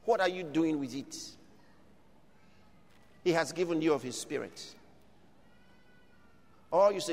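A man preaching a sermon, building from steady teaching to shouted declarations. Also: on the high side, a little slow, gravelly, long pauses, long reverb tail.

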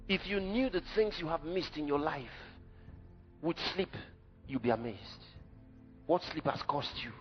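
A man preaching a sermon in an emphatic, dramatic way, rising at times to a shout. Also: fairly high pitch, lively intonation, normal speed. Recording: dull lo-fi recording in a reverberant hall with faint music.

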